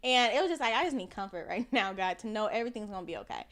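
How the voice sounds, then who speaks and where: A woman's voice: medium pitch, rapid-fire. A young woman guest in a casual chat, telling her stories with emotion and animation. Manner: emotional, animated storytelling, often laughing. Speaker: podcast guest.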